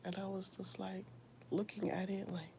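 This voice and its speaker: A young woman giving a whispered personal testimony, soft and halting, with a gravelly edge. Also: mid-range voice, level tone, a little hiss or hum. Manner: soft, often whispered, halting with many fillers. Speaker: streamer sharing a personal testimony.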